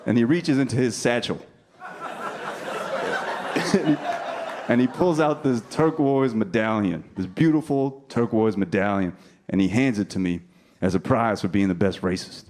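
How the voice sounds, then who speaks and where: A man's voice: fairly low pitch, moderate pace, long pauses, noisy background. A man doing a stand-up comedy set, telling a story in a brash, punchy way on a club stage with a handheld mic.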